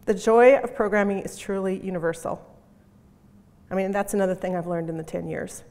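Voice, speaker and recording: A woman's voice: mid-range voice, steady tone, a little fast, darkish tone. A middle-aged woman giving a conference keynote talk in an emphatic, punchy way, repeating her key phrases. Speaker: conference speaker. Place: conference hall. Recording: long reverb of a conference hall.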